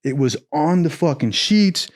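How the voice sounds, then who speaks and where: A young man telling a rambling, profane story in a casual, animated way, laughing often. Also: on the high side, measured pace.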